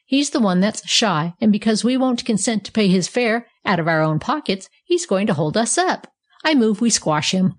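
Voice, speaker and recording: A woman reading a storybook aloud, voicing a big, forceful male hippopotamus who takes charge. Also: mid-range voice, animated, moderate pace, lightly acted. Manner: forceful, roaring.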